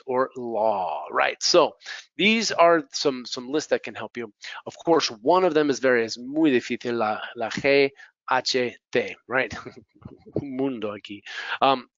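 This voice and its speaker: Man modeling pronunciation slowly. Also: mid-range voice, no echo. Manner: repeats words to model pronunciation, mixes in Spanish asides. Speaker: English pronunciation teacher. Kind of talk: classroom lesson. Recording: dull lo-fi dry recording.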